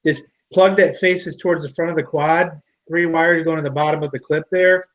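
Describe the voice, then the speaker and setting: A man's voice: a little high, steady tone, moderate pace, a bit bright. A man in casual chat who thinks aloud and asks questions while he works on a drone. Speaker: hobbyist building a drone on stream. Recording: dull lo-fi sound.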